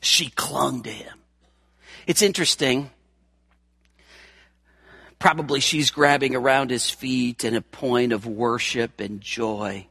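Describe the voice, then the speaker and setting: A man in his fifties, a pastor preaching a sermon, swinging between hushed, intimate moments and raised, urgent passages. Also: medium pitch. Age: 50s.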